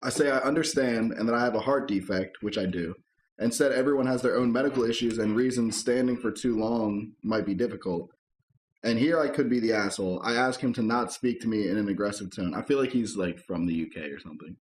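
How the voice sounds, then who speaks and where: A man co-hosting a casual podcast, reading online posts aloud and chatting, laid-back and quick to chuckle and swear. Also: mid-range voice. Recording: echoey room.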